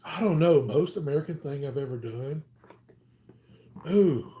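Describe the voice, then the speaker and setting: A man's voice: fairly high pitch, lively intonation, a little slow, dark tone. A man with a Southern US accent chatting casually on a livestream, rambling and joking with his viewers as he reads their comments. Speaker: livestream host.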